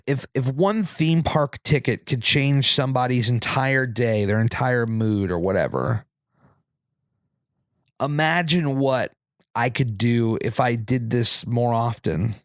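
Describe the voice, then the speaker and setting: Guy rambling through a story on his podcast, mid pitch, dry close mic, lots of you knows. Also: no echo. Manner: rambling, conversational, lots of fillers and asides to listeners. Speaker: podcast host. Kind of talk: casual storytelling monologue.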